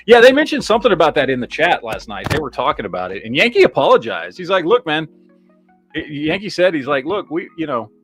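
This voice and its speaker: A man's voice: a little high, quick pace, faint music behind. A man hosting a podcast, rambling in casual chat, swearing heavily and reacting to viewer comments. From Michigan, USA. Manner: heavy swearing, rambling, animated. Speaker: podcast host.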